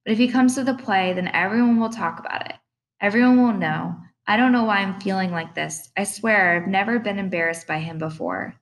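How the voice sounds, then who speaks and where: A woman's voice: medium pitch, a little fast, lo-fi sound, close to an everyday voice. Woman voicing teenage girl, defensive, tearful, fragile, raised strained voice. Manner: defensive, on the verge of tears.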